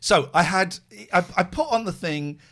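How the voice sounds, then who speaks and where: A man's voice: high voice, moderate pace, fairly bright tone. A man hosting a podcast, telling exasperated, rambling anecdotes in casual chat. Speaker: podcast host.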